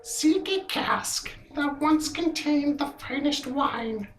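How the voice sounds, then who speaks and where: A woman doing a slow, grave old fortune-teller. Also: high-pitched, reverberant, low-quality recording. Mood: solemn. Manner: slow, grave, portentous delivery. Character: old female fortune-teller reading cards, solemn.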